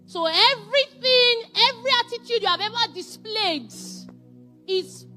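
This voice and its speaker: A woman, giving a faith-based marriage teaching with animated, emphatic repetition. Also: very high voice, moderate pace, soft background music.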